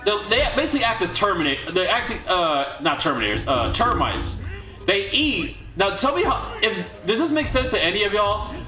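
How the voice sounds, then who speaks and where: A young man hosts a livestream and chats loosely with his viewers, his rambling recap full of restarts and incredulous asides. His voice sits high and swings widely in pitch, with a bright edge. It sounds as if it was recorded in an echoey room with faint music underneath. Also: sing-song, moderate pace. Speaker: livestream host. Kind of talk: casual recap talk to a livestream chat.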